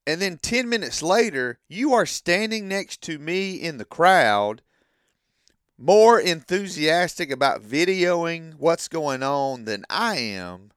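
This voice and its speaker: A man's voice: a little high, a bit bright, smooth, no room sound, clean studio sound. A man delivering an opinionated monologue as a wrestling fan, ranting and repeating himself, then hedging that it is just his opinion.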